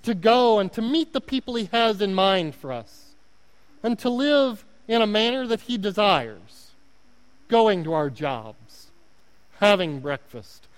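A man's voice: sits high, very animated, measured pace, smooth. A man with an Oklahoma accent preaching a sermon as a guest pastor, earnest and self-deprecating, repeating words for emphasis. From Oklahoma, United States. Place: church. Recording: long hall reverb.

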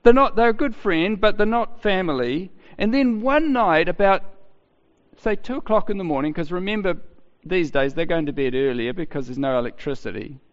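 A man preaching a sermon in a chatty, halting way, often restarting his sentences. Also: sits high, animated. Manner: conversational, halting with many restarts. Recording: dull sound with long hall reverb.

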